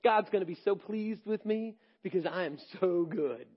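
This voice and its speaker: A preacher putting on a boastful Saul. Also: male voice, sits high, moderate pace, slightly rough, dull audio. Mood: cheerful. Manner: boastful and self-justifying. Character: proud self-assured biblical king, male adult.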